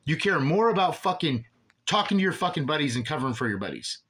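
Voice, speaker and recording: A man's voice: a little high, big pitch swings, quick pace, a bit bright, breathy edge. A man in an agitated, profane monologue, rambling with many restarts as an aggrieved father ranting about officials. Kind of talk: angry monologue.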